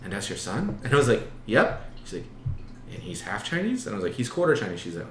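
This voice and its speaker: A man's voice: fairly low pitch, fast talker, a crowd in the background. A man telling a story in a casual chat, acting out other people's lines and laughing often. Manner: animated storyteller, laughs a lot. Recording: roomy echo, faint background noise.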